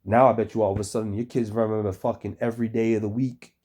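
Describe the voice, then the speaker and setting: A man's voice: on the low side, level tone, fast talker, warm tone. Swearing, mocking man reacting. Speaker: stream reactor. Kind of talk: casual reaction commentary.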